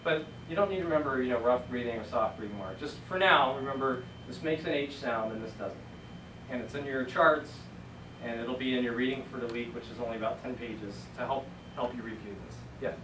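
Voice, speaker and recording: A man's voice: medium pitch, fairly quick, noisy background. A man teaching Greek to a class, explaining patiently step by step in a casual lecture. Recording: echoey classroom from a distant camera.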